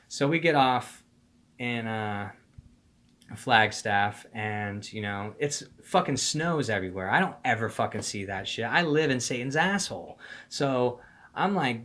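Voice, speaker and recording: A man's voice: medium pitch, moderate pace, sharp tone. A young man telling a story in casual slang, rambling and profane, acting out the voices of the people he quotes. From Phoenix, Arizona. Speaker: storyteller vlogger.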